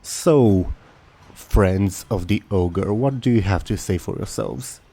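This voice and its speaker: A man voicing a brutal, haughty one-eyed male ogre chieftain in a tabletop game, grunting out slow, broken words that turn stiffly formal. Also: lowish voice, vocal fry, warm tone, breathy edge, exaggerated voice.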